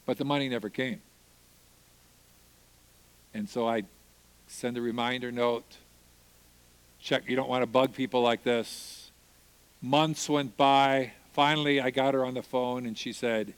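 A man telling a personal testimony as a sermon, acting out the people he quotes and swinging from loud praise to hushed, tearful moments. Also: fairly high pitch, steady tone, moderate pace, clear, resonant tone. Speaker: preacher. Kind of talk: sermon storytelling.

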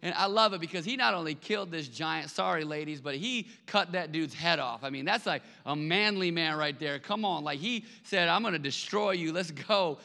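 Pastor guy preaching, high bright voice, chatty, big hall echo. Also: normal speed, vocal fry, hardly any pauses. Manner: conversational, repeats words when emphatic. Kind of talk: sermon. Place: large church hall. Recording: long hall reverb.

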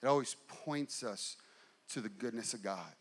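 A middle-aged male pastor delivering a sermon, building intensity through repeated phrases and slowing down for emphasis. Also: mid-range voice, husky. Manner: preaching with rising and falling intensity, repetitive emphasis.

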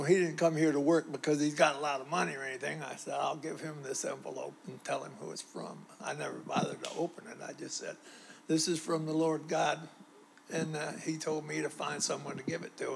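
Gravelly man telling a folksy story. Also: on the high side, slight background noise, rough recording. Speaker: church member sharing a testimony. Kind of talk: casual spoken testimony. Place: church gathering.

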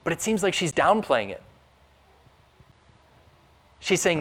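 A man's voice: on the high side, sing-song, takes it slowly, pauses often, fairly bright tone. A man preaching a sermon in an earnest, emphatic way, building up through rhetorical questions. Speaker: pastor.

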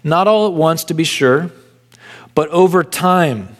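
Guy preaching in a church, kinda high voice, long echo tail, earnest slow emphasis. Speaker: pastor. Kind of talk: sermon.

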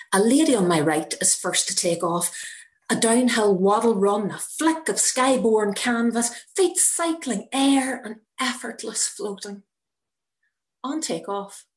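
Slow, wry woman storyteller. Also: medium pitch. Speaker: narrator. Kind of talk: reading a personal story.

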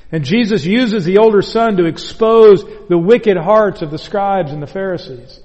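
A pastor with a high-pitched male voice preaches an earnest sermon, pressing his points with deliberate repetition. His words carry a long reverb, like a large sanctuary. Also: darkish tone, dull audio.

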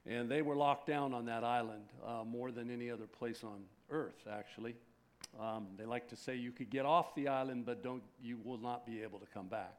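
A man's voice: medium pitch, fairly even intonation, normal speed. A man in his sixties, a pastor who prays and then greets his church in a chatty, rambling way full of fillers and restarts. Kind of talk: sermon with prayer and casual church greeting. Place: church sanctuary.

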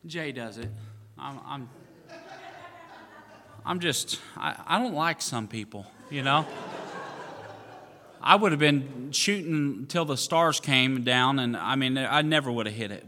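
A pastor man spins a playful, self-mocking story from the pulpit. His voice is bright and forceful, with a long echo trailing through the church hall. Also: mid-range voice, slight background noise. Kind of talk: sermon. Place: church sanctuary.

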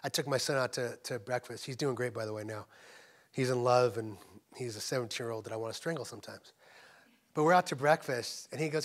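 A middle-aged man preaching a sermon as a guest pastor at a church service. He repeats phrases for emphasis and swings between urgent, raised points and hushed, near-whispered moments. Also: medium pitch, brisk.

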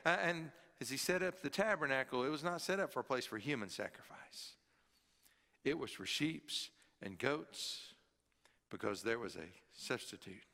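A man's voice: mid-range voice, big pitch swings, normal speed, creaky, pushed and bright, in a large hall. A man preaching a sermon to a congregation in a church, with emphatic stress on key words. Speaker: pastor. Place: church sanctuary, also filmed. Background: congregation present.

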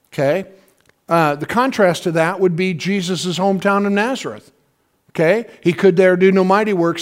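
A male pastor with a high voice delivers a sermon in an easygoing, chatty manner. He drops casual slang and keeps pulling the congregation in with quick questions. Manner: conversational, calls for responses from congregation; folksy slang.

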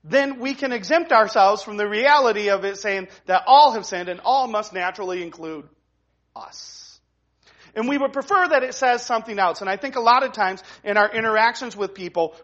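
A man preaching to his congregation in an easygoing, talky way, stopping to restart phrases and tossing in "right?" as he goes. His voice sits high for a man. The recording sounds somewhat dull and lo-fi. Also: normal speed, a bit bright. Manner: conversational preaching with frequent restarts and "right?" tags. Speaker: pastor. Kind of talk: sermon.

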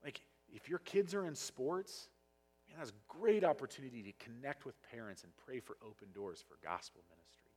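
Husky-voiced pastor preaching with passion. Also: male voice, mid-range voice, lively intonation, moderate pace. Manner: passionate, gets loud at times. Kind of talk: sermon. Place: church sanctuary.

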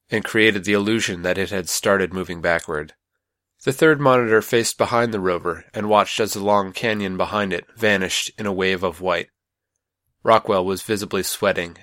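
A man narrating a science fiction audiobook in an even, measured way. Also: low voice, dry recording, clean studio sound.

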